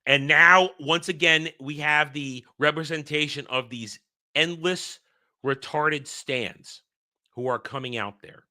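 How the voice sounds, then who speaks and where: A man's voice: fairly high pitch, takes it slowly, pushed and bright. A man hosting his own channel, telling a long dream story in a rambling, heated way with many restarts. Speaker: channel host. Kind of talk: casual solo monologue recounting a dream.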